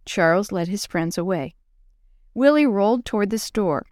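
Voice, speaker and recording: A woman narrating a children's Bible story in a clear, expressive storybook manner. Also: mid-range voice, moderate pace, no echo, studio quality.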